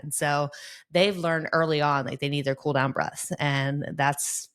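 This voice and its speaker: A woman in her thirties, a sport psychologist guest in a casual interview, talking in an animated way and acting out how she speaks to her kids. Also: low-pitched, normal speed, smooth. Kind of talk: conversational podcast interview.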